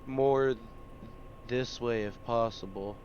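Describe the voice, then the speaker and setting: A man's voice: medium pitch, slow pace, dull audio, slight background noise. A man playing a tabletop role-playing game, thinking aloud and hesitating with fillers. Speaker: player. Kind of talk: casual chat during a tabletop game.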